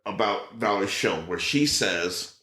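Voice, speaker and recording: A man's voice: fairly low pitch, lively intonation, measured pace, sharp tone. A man telling stories as a podcast guest. He acts out other people's lines and swears casually. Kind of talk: casual storytelling. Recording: roomy echo.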